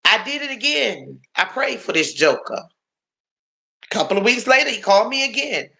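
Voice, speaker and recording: Speaking at normal speed, she has a medium-pitched voice that is expressive, creaky, pushed and bright. She is a middle-aged D.C. woman hosting a livestream, confiding her past to viewers in earnest, emotional personal testimony.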